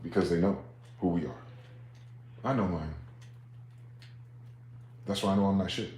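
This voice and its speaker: Profane rambling man, low voice, echoey room. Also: a little slow, slight background noise. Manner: profane, rambling, swings from loud to muttering. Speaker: vlogger. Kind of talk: late-night monologue to camera.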